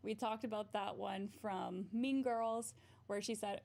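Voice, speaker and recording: A woman's voice: mid-range voice, steady tone, a little slow, gravelly, a little mellow. A woman therapist hosting a casual livestream, chatting in a bubbly way, often giggling and answering her viewers' comments.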